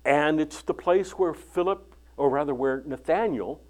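An older man preaching a sermon, retelling the Bible story and acting out its dialogue with lively inflection. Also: a little high, measured pace. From California.

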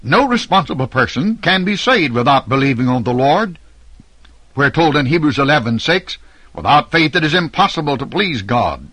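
A middle-aged man delivering a scripted sermon address as a radio preacher, in a measured, emphatic, declamatory way. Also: fairly high pitch, very animated, sharp tone, dry recording.

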